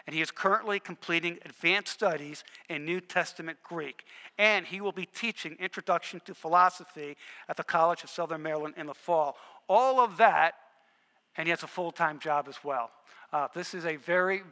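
A pastor with a bright, forceful voice that sits a little high, reading out a guest's background. He pauses often on fillers and speaks appreciatively. Long reverb fills the hall around him. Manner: warm, halting, with many "uh" fillers. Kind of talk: formal introduction.

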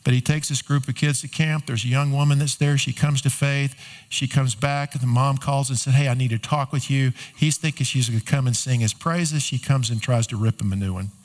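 A man's voice: medium pitch, fairly even intonation, fairly quick. A middle-aged man preaching a sermon, talking conversationally and lifting his voice on emphatic questions. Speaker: pastor.

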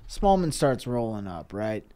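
A man's voice: mid-range voice, big pitch swings, measured pace, warm tone. A man co-hosting a podcast, telling an improvised comic story in a rambling, profane way with laughs between phrases. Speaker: podcast co-host.

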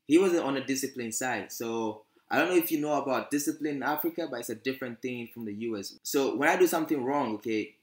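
A man, a podcast guest telling his life story in a relaxed, chatty way. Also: mid-range voice, fast, hardly any pauses, reverberant. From Ghana. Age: 20s. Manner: relaxed, chatty, frequent fillers. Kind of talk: casual interview storytelling.

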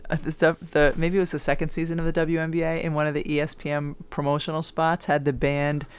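A woman's voice: sits low, level tone, quick pace, smooth. A middle-aged woman co-hosting a sports podcast, chatty and upbeat, with frequent fillers. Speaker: podcast co-host and basketball analyst. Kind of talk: casual sports chat.

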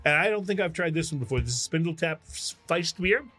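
A man in his sixties hosting a casual beer-tasting chat show, relaxed and quick to laugh. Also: on the high side, soft background music. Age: 60s. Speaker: podcast host.

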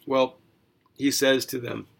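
A man's voice: medium pitch, flat delivery, slow, vocal fry, breathy edge. A man hosting a devotional Bible podcast, talking in an earnest, conversational way with asides and self-corrections. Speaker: podcast host.

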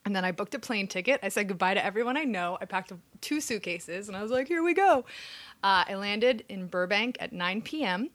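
A woman's voice: mid-range voice, brisk, hardly any pauses, no echo. A woman in her thirties casually telling a personal story, acting out what people said. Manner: animated storyteller acting out quotes. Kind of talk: casual anecdote.

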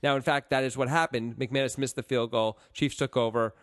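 A man co-hosting a casual sports podcast, animated and jokey with a playful deadpan streak. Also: medium pitch, a little fast, no echo, studio quality. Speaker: podcast co-host.

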